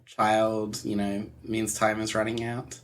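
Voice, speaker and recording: A man guesting on a casual review podcast, making deadpan, sarcastic remarks. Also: lowish voice, takes it slowly.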